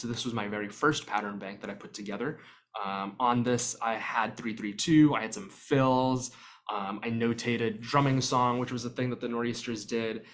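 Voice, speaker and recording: A man presenting a virtual workshop on vocal percussion, explaining in a relaxed conversational way with frequent fillers, over a video call. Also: mid-range voice.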